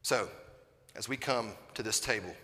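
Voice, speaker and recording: A man's voice: fairly low pitch, moderate pace. A preacher man in a reverberant hall. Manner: preaching with sudden swings from loud emphasis to hushed quiet. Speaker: pastor. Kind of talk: sermon.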